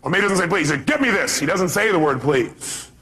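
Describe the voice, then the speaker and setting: High-voiced emphatic male seminar speaker. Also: fast talker, pushed and bright, husky. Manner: emphatic, repeats key phrases, quizzes the audience. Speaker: motivational speaker. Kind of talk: live seminar talk. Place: seminar hall.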